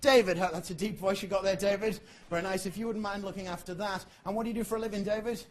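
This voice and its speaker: A man from England with an English accent, doing a stand-up comedy magic act and joking with the audience in a dry, deadpan way. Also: high voice, fast talker.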